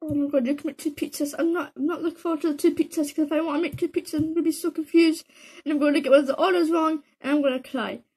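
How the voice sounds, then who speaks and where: A woman with a high, darkish voice talks rapid-fire in a steady tone while playing a game. She's a gaming video creator, chatting casually, mocking herself, talking to herself, and dropping slang like "bro" and "man."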